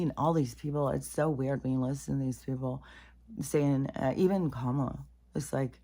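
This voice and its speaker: A woman with a low voice rants in casual, exasperated talk. She swears freely, drops to muttered asides and then flares into loud outbursts. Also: flat delivery, normal speed. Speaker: commentator. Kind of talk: casual rant to camera.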